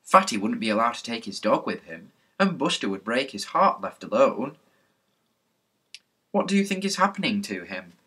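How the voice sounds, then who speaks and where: A man's voice: medium pitch, big pitch swings, normal speed, sharp tone, slightly rough, exaggerated voice. A man voicing a tearful, eager young schoolgirl in a children's storybook reading. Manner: wailing, pleading.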